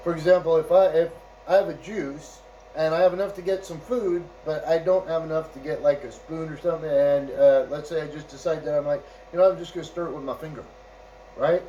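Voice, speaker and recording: A man's voice: a little high, fairly even intonation, brisk, warm tone, recorded from a distance, lo-fi sound, slight background noise. A man telling a casual, rambling anecdote, chuckling often and checking in with "right?" and "you know". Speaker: storyteller.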